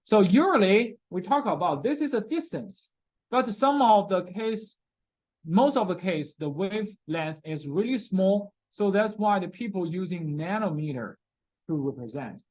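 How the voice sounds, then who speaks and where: This chemistry lecturer has a mid-range, darkish, animated voice and an unhurried delivery, captured in a low-quality recording of a class. There is frequent repetition of key terms and checking in with "okay?", along with non-native grammar.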